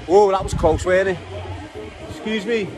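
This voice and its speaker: Music plays in the background as a high-voiced Liverpudlian man cycles through a city centre at a moderate pace, addressing viewers directly in a chatty, casual tour vlog. He swears freely, and the outdoor recording carries loud street noise.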